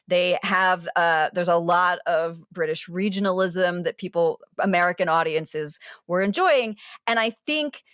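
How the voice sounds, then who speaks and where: A woman, a TV critic and podcast co-host, explaining a show in animated casual chat, full of asides and restarts. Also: fairly low pitch, no room sound, studio quality.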